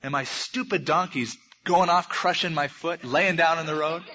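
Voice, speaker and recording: A man's voice: a little high, normal speed, pushed and bright, lo-fi sound. A man voicing an impatient, angry male prophet who rants in exasperation at his donkey. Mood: exasperated. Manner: exasperated ranting.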